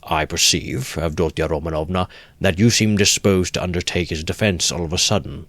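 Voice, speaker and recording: A man reading aloud, voicing a pompous, long-winded middle-aged gentleman. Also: low voice, fairly quick, no room sound.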